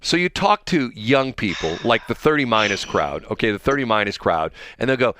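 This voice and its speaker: A man's voice: on the low side, big pitch swings, brisk, hardly any pauses, fairly bright tone, no echo. A middle-aged man hosting a live morning radio show in a joking, rambling manner, at a studio mic. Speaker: radio host.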